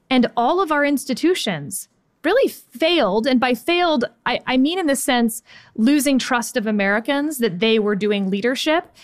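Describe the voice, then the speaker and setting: A woman in her forties from Texas, co-hosting and talking candidly in an animated conversational discussion. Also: on the high side, no room sound, studio quality. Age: 40s. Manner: animated, candid, chatty with many fillers. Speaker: podcast co-host.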